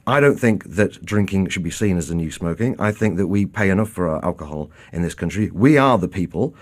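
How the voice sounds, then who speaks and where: Male radio pundit, quick-fire and scornful, slightly low voice. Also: lively intonation. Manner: combative, scornful, emphatic. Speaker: think-tank guest. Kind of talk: radio debate.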